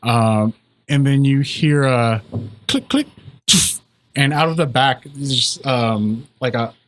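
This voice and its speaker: A man running a tabletop game as game master, narrating slowly with many pauses and ums. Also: medium pitch.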